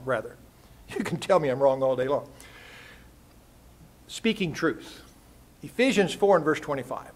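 A man's voice: fairly high pitch, expressive, normal speed, pauses often. An older man preaching a sermon, folksy and full of rhetorical questions and homespun stories. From United States. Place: church sanctuary.

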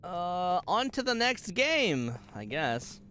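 A man streaming a video game, reacting out loud in an excitable way, swearing and jumping to sudden shouts. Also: high voice, slow, slight background noise. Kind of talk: gaming livestream commentary.

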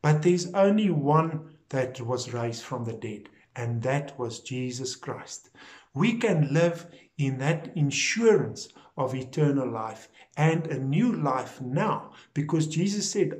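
Slow, deliberate male preacher. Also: mid-range voice, expressive, a little mellow. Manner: slow, deliberate preaching with repeated emphatic phrases. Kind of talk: recorded sermon episode.

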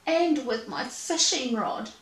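A woman voicing a small, excitable young male mouse in a storybook reading, eager and impatient. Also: a little high, slow, reverberant, recorded from a distance, voice pushed up.

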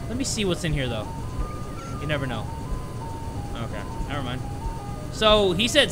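A young man doing casual horror game commentary, jokey and excitable, sinking to nervous mutters when scared. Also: fairly high pitch, moderate pace, pauses often, music in the background. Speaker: gaming YouTuber.

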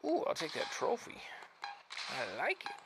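A man hosting his gaming channel, giving chatty, self-mocking commentary while he plays, swinging between mumbling asides and loud frustrated outbursts. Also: a little high, wildly swooping pitch, a little slow, creaky. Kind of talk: casual gameplay commentary. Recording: noisy background.

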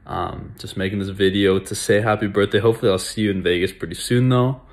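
A young man sending a buddy relaxed birthday wishes in a quick, casual video message. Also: lowish voice. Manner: relaxed, quick, dude-speak.

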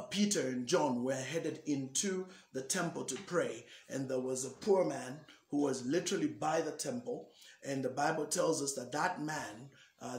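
Man pastor telling a testimony. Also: medium pitch. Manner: animated storytelling, acting out dialogue. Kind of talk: personal testimony. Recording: echoey room.

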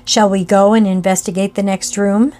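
A woman's voice: medium pitch, level tone, moderate pace, warm tone, lightly acted. A woman reading aloud, voicing a nervous but eager male guest at an inn. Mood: uneasy.

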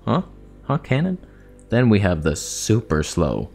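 A young man talking casually in a vlog, animated, swearing and talking to himself as he reviews cameras. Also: on the low side, unhurried, vocal fry, faint music behind.

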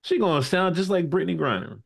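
A man hosting a casual podcast, telling stories with animated, profane banter. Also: high voice, quick pace, vocal fry, husky. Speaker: podcast host.

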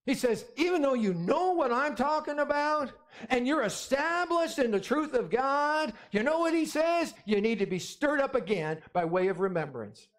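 A man's voice: very high-pitched, expressive, moderate pace. A man preaching a sermon as pastor, emphatic and repetitive, often calling out amen. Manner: emphatic, repetitive, calls for amens.

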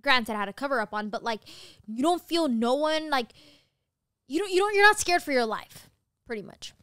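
A young woman co-hosting a podcast, chatting casually and gushing with animated enthusiasm, dropping the odd swear. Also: sits high, normal speed, clean tone, dry recording, studio quality. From United States. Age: young adult. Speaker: podcast co-host. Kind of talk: casual chat.

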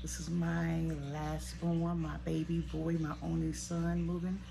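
A woman's voice: low-pitched, monotone, measured pace, creaky. A woman in her forties, a vlogger, talking in a heartfelt, tearful, chatty way. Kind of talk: emotional vlog. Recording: noisy handheld recording.

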